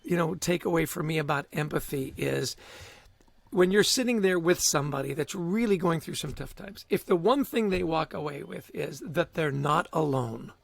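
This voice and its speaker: Guy guest on a chat show, high voice, kinda raspy, keeps repeating words and laughing, real animated. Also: moderate pace, no room sound. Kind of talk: casual interview storytelling.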